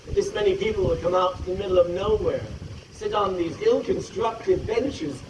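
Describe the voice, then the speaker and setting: A man's voice: sits high, normal speed, darkish tone. Wry crude man on an outdoor stage. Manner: wry, crude, teasing the audience. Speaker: poet performing a stage show. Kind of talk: live comic poetry show banter. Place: outdoor stage in a meadow with benches. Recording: distant echoing outdoor live recording, noisy.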